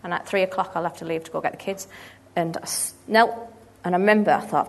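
A woman in her thirties giving a personal testimony at church, earnest and halting, with frequent restarts. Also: fairly low pitch, fairly even intonation, gravelly.

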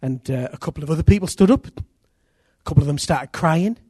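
Man, sermon storytelling, high pitch, dry close sound. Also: moderate pace, breathy edge, dry recording. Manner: animated, acts out quoted voices, repeats phrases. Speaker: preacher.

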